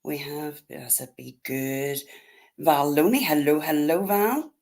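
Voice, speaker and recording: A woman from Northern Ireland, with a Northern Irish accent, hosts a casual livestream, chatting and greeting her viewers one by one. Her voice is deep and a little mellow, and she takes it slowly.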